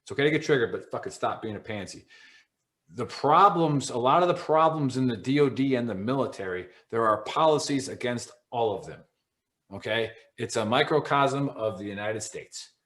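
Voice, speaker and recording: A man co-hosting a casual podcast, telling stories bluntly and with plenty of swearing. His voice sits at an ordinary middle pitch, and he keeps the talk loose and conversational. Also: lively intonation, moderate pace, a bit bright. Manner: profane, blunt storytelling. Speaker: podcast co-host.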